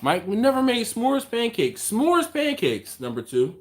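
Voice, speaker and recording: A man's voice: high voice, sing-song, normal speed. A man with an American accent hosting a casual live stream from a home kitchen, teasing his co-host and reading viewer comments aloud.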